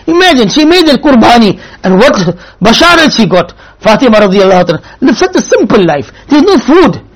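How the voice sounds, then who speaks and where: A woman's voice: a little high, very animated, brisk, slightly rough, low-quality recording. A woman giving an earnest religious sermon, telling a story with Arabic and Urdu religious terms, her voice at times close to tears. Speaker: religious speaker.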